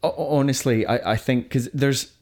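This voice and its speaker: A man with a medium-pitched, darkish voice speaks at a moderate pace with fairly even intonation. He co-hosts a film podcast, giving chatty, opinionated reviews and often restarting what he's saying.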